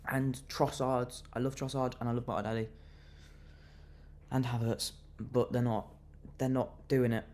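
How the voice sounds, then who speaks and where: A man's voice: medium pitch, level tone, a little slow, a little mellow. A young man venting his anger in a fan reaction rant, fuming and repeating himself as he vents. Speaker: football fan vlogger.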